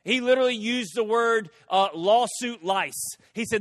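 A man preaching a sermon, acting out a story with quoted voices and swinging from loud to hushed. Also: sits high, expressive, moderate pace, hardly any pauses. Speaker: pastor.

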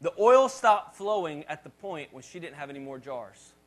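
This is a man in his thirties preaching a sermon in a relaxed, conversational way. His voice sits high for a man. He trips over and repeats words as he goes, and swells dramatically whenever he reads scripture out loud. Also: moderate pace. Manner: conversational preaching, dramatic rises when reading scripture aloud; repeats words and restarts phrases. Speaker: pastor.

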